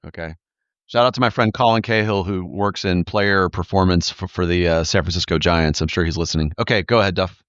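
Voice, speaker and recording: A man's voice: deep voice, a little fast, fairly bright tone, no echo. A man co-hosting a podcast, chiming in with brief, chatty interjections. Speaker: podcast co-host. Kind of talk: casual interview chat. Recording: slightly muffled, dry.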